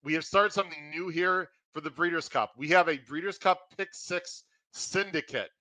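A man hosting his racing podcast, excitedly welcoming listeners and running through promotions in an energetic, pumped-up way. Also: fairly high pitch, moderate pace, no echo, low-quality recording. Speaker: podcast host.

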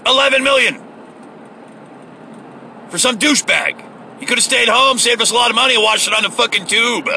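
Heated, profane man ranting, gravelly bright voice. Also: very high-pitched, a little fast, pauses often, a little hiss or hum, poor audio. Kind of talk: ranting political monologue.

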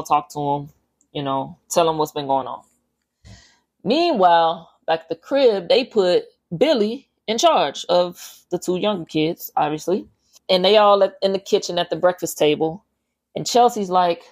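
Slangy, lower-voiced woman recapping a movie. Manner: animated, profane storytelling with slangy asides. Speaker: podcast host.

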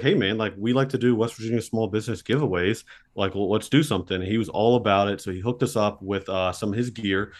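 A man co-hosting a podcast, telling a story in an animated, rambling way with lots of asides. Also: lowish voice. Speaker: podcast co-host.

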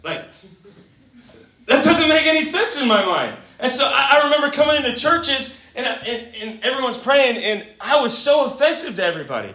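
A young man preaching an energetic sermon, animated and casual, swinging from quiet asides to shouting and calling listeners bro and man. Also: high-pitched, brisk. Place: church gathering hall. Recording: echoey room.

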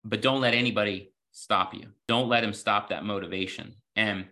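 A man with a fairly low, bright and forceful voice speaks as an interview guest. He tells stories from his working life in an earnest, reflective way, scattering "you know" through his sentences. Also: steady tone, moderate pace. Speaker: podcast guest, healthcare executive.

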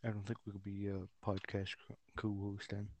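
A man's voice: lowish voice, monotone, brisk, warm tone, dry recording. A young man co-hosting a podcast, teasing his friend and laughing often. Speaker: podcast co-host. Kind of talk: casual chat.

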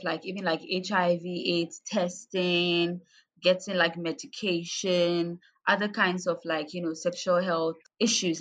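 Passionate, frank woman with a low voice. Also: sharp tone. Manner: passionate, frank, lots of fillers. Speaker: guest activist. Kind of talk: casual conversation.

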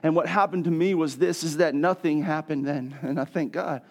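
A middle-aged man preaching a sermon, telling a personal story and building to loud, emphatic passages. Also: a little high, normal speed. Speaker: pastor.

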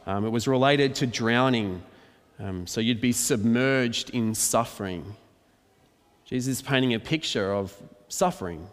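A man preaching a conversational, verse-by-verse sermon and acting out the quotes. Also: medium pitch. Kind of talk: expository sermon. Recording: long hall reverb.

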